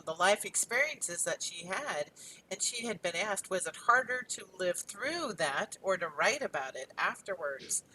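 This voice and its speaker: A woman hosts a podcast and chats casually with her guest. Her voice is bright and forward, and her replies are affirming and reflective. A faint hiss sits under the recording. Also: mid-range voice, rough recording. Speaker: podcast host. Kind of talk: casual interview chat.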